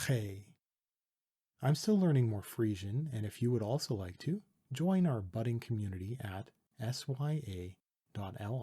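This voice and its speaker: A Canadian man from Toronto calmly teaching letter sounds, patiently demonstrating pronunciation with a close mic. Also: lowish voice, slightly rough. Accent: Canadian English. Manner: calm, patient, deliberate demonstrating. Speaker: language teacher. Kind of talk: pronunciation tutorial.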